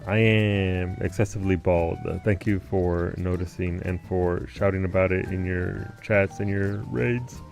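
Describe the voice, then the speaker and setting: Low gravelly male streamer. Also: fairly even intonation, measured pace, hardly any pauses, a little mellow, faint music behind. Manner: laid-back, greets chatters by name, swears casually. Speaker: live streamer. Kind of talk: casual chat with viewers. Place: home basement.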